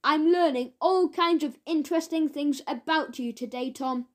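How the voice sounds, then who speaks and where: A woman's voice: high-pitched, normal speed, close to an everyday voice. A woman playing a stern male schoolteacher.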